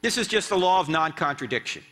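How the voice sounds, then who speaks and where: Animated man lecturing in a reverberant church. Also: a little high, quick pace, soft background music. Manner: animated, asks the crowd rhetorical questions, joking asides. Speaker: guest speaker and apologist. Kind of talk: lively church lecture with audience banter. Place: church sanctuary. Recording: long reverb of a church hall.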